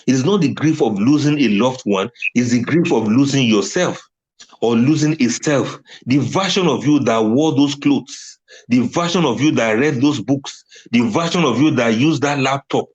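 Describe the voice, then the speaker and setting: A man's voice: mid-range voice, moderate pace, muffled recording. A man giving a religious talk on letting go, emphatic and often laughing at his own points. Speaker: Islamic speaker.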